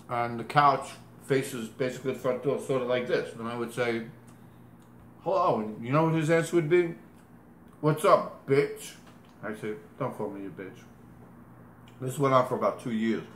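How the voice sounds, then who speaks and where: A man's voice: medium pitch, fairly quick, a little hiss or hum. Rambling man in an echoey room. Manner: rambling, self-correcting, demonstrates with gestures. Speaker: interviewee. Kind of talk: casual storytelling. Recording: echoey room with faint ambience.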